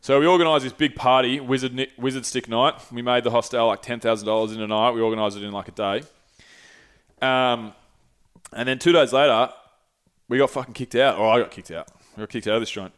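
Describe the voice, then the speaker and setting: A young man casually telling a long travel story, animated and swearing freely. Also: mid-range voice, fairly quick, clean tone. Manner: animated, swears freely, acts out quoted voices. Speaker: podcast host.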